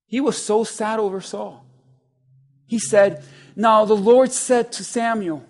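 High-pitched guy preaching, chatty then loud and urgent. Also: fairly even intonation, measured pace. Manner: builds from quiet asides to loud urgent preaching; conversational, quotes scripture in voices. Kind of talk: sermon.

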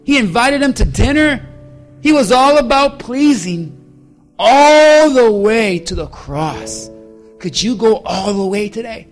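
A man preaching a sermon as pastor, emphatic, with loud calls and hushed stretches. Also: extremely high pitch, animated, slow pace, faint music behind.

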